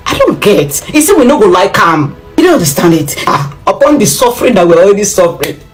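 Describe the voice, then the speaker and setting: A woman's voice: medium pitch, very animated, fast talker, faint music behind. A Nigerian woman speaking English mixed with Pidgin, reacting in an exclamatory, dramatic monologue and repeating her phrases. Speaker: commentator.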